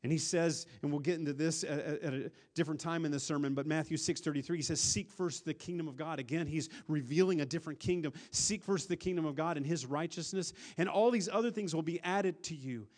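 Fairly high-voiced preaching pastor. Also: male voice, quick pace, few pauses. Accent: Upper Midwest American. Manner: earnest preaching that swells louder and softens to a hush; repeats words when restarting. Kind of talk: sermon.

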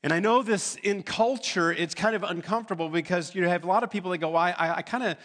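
A man's voice: high voice, fast, a bit bright. A man preaching a sermon as pastor, emphatic, building to urgent pleas.

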